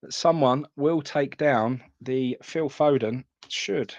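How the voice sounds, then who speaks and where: A man's voice: medium pitch, slow, darkish tone, no room sound, muffled recording. A man hosting a live trading card stream, chatting casually and calling viewers mate.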